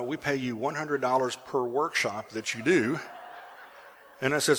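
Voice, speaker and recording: A male pastor telling a personal story in a sermon, animated at times and hushed in the emotional moments. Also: medium pitch, unhurried, a little hiss or hum.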